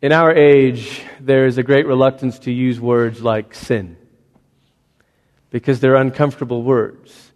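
A man's voice: mid-range voice, fairly even intonation, a little slow, a little mellow. Man preaching in a reverberant hall. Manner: dramatic, acts out quoted voices. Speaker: pastor. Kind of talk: sermon.

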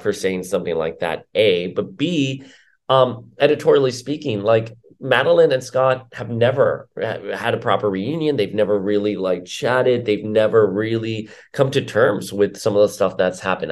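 A man giving casual, opinionated commentary as a comic book reviewer, rambling with filler words. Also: on the low side.

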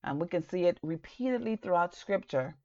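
A woman with a low, dark-toned voice preaches an earnest, encouraging sermon. She talks conversationally, full of "um" and "you know". The recording sounds somewhat dull and lo-fi. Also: animated, a little fast, dry recording. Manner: encouraging, earnest, loose with fillers.

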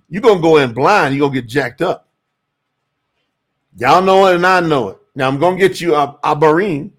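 A man from the United States hosting a livestream, teaching Hebrew scripture and answering the chat, with stretched-out emphasis. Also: fairly high pitch. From USA. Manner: animated, drawn-out emphasis, addresses chat as y'all.

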